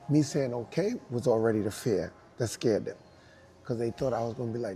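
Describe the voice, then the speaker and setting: Brief: male dancer, warm mellow tone, animated storyteller who acts out the other people in his story. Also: medium pitch, fairly quick, slight background noise. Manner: animated, acts out quoted dialogue. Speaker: dancer and hip hop battle judge. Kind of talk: casual storytelling anecdote.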